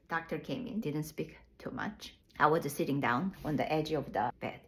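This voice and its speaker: A woman casually telling her own birth story, candid and plainspoken, with loose, halting phrasing and laughs at herself. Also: sits low, a bit bright, poor audio.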